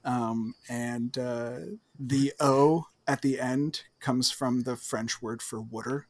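Jersey guy on a podcast, excited, lots of ums, middle pitch. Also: slow pace. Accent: New Jersey. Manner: enthusiastic, filler-heavy explaining. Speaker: podcast co-host. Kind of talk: casual chat.

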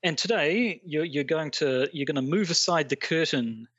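A man's voice: fairly high pitch, normal speed, a bit bright, no echo, lo-fi sound. A man hosting a podcast in a playful, teasing, rambling way. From Britain. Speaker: podcast host. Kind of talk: casual podcast chat.

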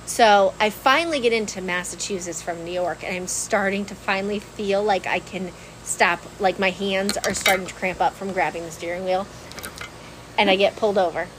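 A woman telling a long story in casual podcast chat, animated and laughing often. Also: medium pitch, normal speed, noisy background. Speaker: podcast co-host.

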